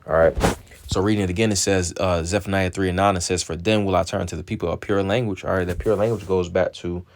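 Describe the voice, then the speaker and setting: A man giving an informal scripture lesson, halting and restarting often and checking in with "all right" after nearly every point, reading verses aloud in a plain measured tone. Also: low voice, steady tone. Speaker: Bible teacher.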